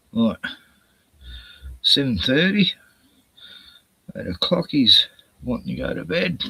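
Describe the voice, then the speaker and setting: A man's voice: mid-range voice, vocal fry, pushed and bright, husky, no room sound. An older man with an Australian accent hosting a casual late-night livestream, out of breath, sighing and swearing as he rambles. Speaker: livestream host.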